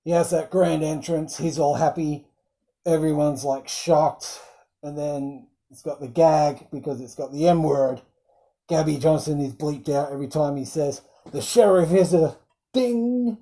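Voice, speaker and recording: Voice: mid-range voice, little pitch movement, measured pace, dark tone. A film reviewer talking casually, rambling with many fillers and fondly quoting film lines. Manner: fond, quotes film lines.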